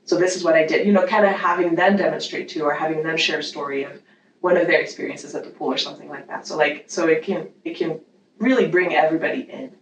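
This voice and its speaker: A woman guest explains child-rearing ideas in an animated, meandering way, circling back on herself as she talks. Her voice is on the low side. She sounds distant from the mic in a reverberant room with faint background noise. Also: fast. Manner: animated, rambling with many fillers and restarts. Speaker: guest parenting educator. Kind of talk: casual conversational interview.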